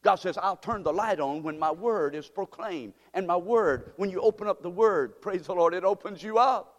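In a church sanctuary, a male pastor delivers a sermon, peppering the congregation with rhetorical questions. He speaks at normal speed in a high-pitched voice, though the audio sounds dull and the room's long reverb lingers.

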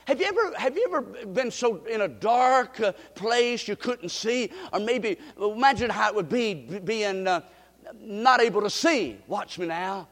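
Male preacher, high pitch, folksy storyteller who drives call-and-response, recorded in a reverberant church. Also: lively intonation, normal speed, a bit bright. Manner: folksy storytelling with frequent restarts. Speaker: pastor. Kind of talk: sermon. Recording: long reverb of a church hall.

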